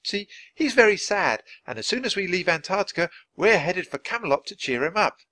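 A man doing an excited little girl. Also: high-pitched, fairly quick, voice pushed up, exaggerated voice. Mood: eager. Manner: excited, chatty. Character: eager talkative young girl.

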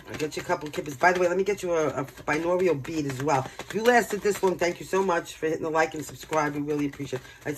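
A tarot reader from Brooklyn talks through a card spread in a loose, conversational way. The delivery is blunt and emphatic, with frequent swearing. The voice sits at a middle pitch, with a faint hiss of background noise. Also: poor audio. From Brooklyn, New York. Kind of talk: casual tarot card reading.

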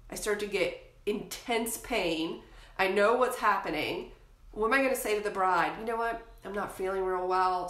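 A middle-aged woman hosting a photography show, giving frank, energetic advice and laughing easily. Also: mid-range voice, roomy sound. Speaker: photography educator and podcast host. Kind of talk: candid advice talk.

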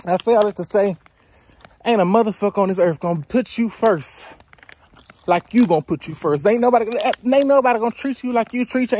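A woman in her twenties with a mid-range, slightly mellow voice walks along a roadside near the woods, out of breath. She chats casually into a handheld phone camera like a vlogger, handing out blunt, profane advice.

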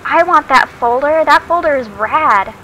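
A woman's voice: high-pitched, expressive, a little slow, a bit bright, a little hiss or hum, rough recording. A young adult woman casually commenting as she plays a game, chatty and giggly, reading notes aloud as she finds them. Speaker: let's play host.

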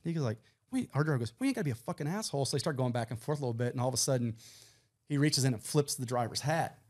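A middle-aged man from Texas, a podcast guest, telling a profane, animated anecdote full of quoted voices. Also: mid-range voice, very fast. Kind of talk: casual storytelling.

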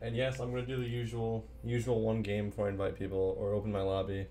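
A man's voice: lowish voice, completely flat delivery, quick pace, dark tone. A man streaming a video game, chatting playfully and answering his viewers' chat as he plays. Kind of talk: casual live-stream chat.

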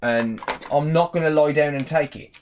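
A man's voice: a little high, moderate pace, a little hiss or hum. A young man with a West Midlands English accent, an electronics repair technician ranting in a casual vlog, annoyed and repeating himself. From England.

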